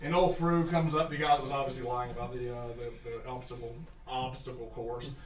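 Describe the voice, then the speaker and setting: A man, narrating a tabletop game as game master in an excitable, animated way. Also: mid-range voice, roomy sound, far from the mic. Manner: animated, excitable, quick asides.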